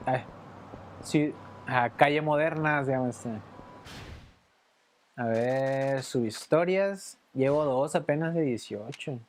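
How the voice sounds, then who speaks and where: A man giving casual gameplay commentary in a low, laid-back mutter. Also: a little slow, pauses often, slight background noise. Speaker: streamer.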